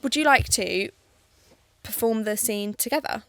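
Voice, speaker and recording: A woman co-hosting a casual podcast chat, gentle and reassuring, with hesitant fillers. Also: on the high side, unhurried, dry recording. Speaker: podcast co-host.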